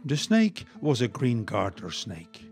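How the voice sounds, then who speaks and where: Lively older man reading a children's story. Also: medium pitch, slow, faint music behind. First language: Dutch. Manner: lively, expressive, warm read-aloud.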